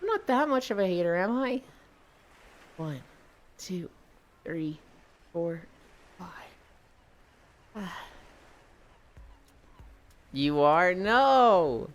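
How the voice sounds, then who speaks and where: A man's voice: sits high, very animated, takes it slowly, long pauses. A man chatting casually with his viewers during a live stream while he exercises, rambling and chatty.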